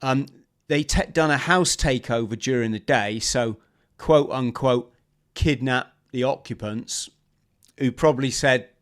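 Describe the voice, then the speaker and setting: A man, a former marine guest on a podcast, telling a lively story and acting out the shouts, talking over a video call. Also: mid-range voice, unhurried. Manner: animated storyteller, acts out shouted quotes. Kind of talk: storytelling interview.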